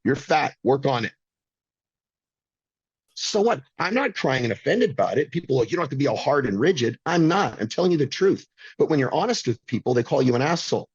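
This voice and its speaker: Blunt, profane man in his fifties, husky voice, dry muffled recording. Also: medium pitch, sing-song, fast, no echo. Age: 50s. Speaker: guest. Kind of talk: casual storytelling.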